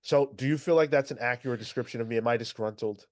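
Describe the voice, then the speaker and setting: A man co-hosting a comics podcast, reading chat and ranting in an animated, exasperated way. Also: medium pitch, fast. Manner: animated, swears, exasperated rants. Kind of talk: casual chat.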